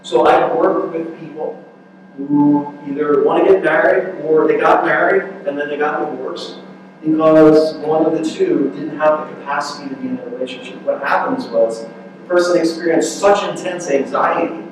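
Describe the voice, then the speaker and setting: A man's voice: on the high side, fairly even intonation, normal speed, noisy background. Man speaking as a relationship workshop counselor, casual, says "right?" a lot, recorded from far off in a very echoey hall. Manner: conversational, repeats words, asks "right?" often. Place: large room at a church youth ministry event.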